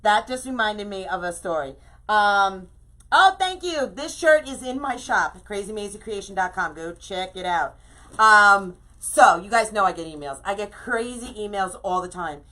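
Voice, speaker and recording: A woman's voice: medium pitch, moderate pace, sharp tone. Chatty woman hosting a craft live stream. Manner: chatty, effusive, greets viewers by name. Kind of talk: casual live-stream chat while crafting.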